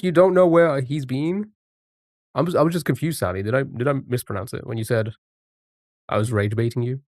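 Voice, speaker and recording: A man's voice: mid-range voice, no room sound, clean studio sound. A man streaming live, chatting casually with viewers and thinking aloud while guessing words. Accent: non-American English.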